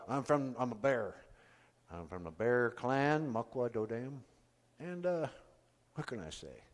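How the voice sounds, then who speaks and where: An easygoing, drowsy bear puppet, as a man puts him on, rambling casually with a lively, bobbing voice. His talk rings in a long stage reverb. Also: medium pitch. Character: laid-back male bear puppet.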